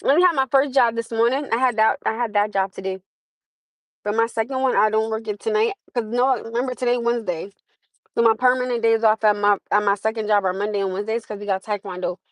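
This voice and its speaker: A woman's voice: on the high side, steady tone, fast, no echo, poor audio. Tired, blunt woman chatting on a livestream. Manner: blunt, chatty, swears freely. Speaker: livestream host. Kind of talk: casual chat.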